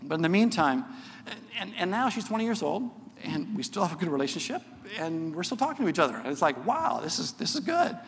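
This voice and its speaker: A middle-aged man teaches a church crowd in an easy, earnest sermon, tossing in "okay?" as he makes each point. His voice sits a little high. It carries with a long reverb, as in a large church auditorium. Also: big pitch swings, fast, a little hiss or hum.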